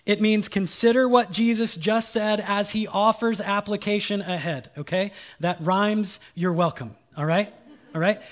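A man's voice: high voice, moderate pace. A man preaching a sermon as pastor, emphatic and informal, repeating key lines and quizzing the congregation. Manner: folksy, informal asides.

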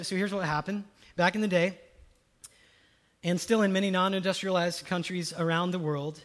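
A male pastor preaching a conversational sermon, swinging between loud emphatic lines and soft hushed ones. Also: high-pitched.

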